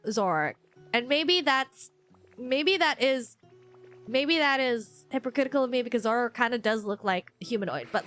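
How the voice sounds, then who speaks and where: A young woman live streamer chats while gaming, rambling and gushing openly with lots of fillers and restarts. Her voice is high and a bit bright.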